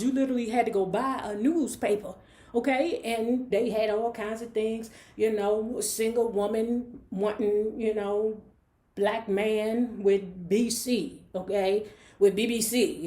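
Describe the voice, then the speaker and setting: A woman's voice: medium pitch, dark tone. A woman in her forties, hosting a book club, retells a novel in casual talk with sassy, blunt, profane asides. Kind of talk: casual story recap. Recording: roomy echo.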